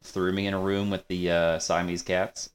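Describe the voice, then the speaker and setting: A man's voice: low voice, flat delivery, moderate pace. A man in his twenties co-hosting a podcast, laid-back and hesitant, telling stories casually. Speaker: podcast co-host. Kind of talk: casual storytelling chat.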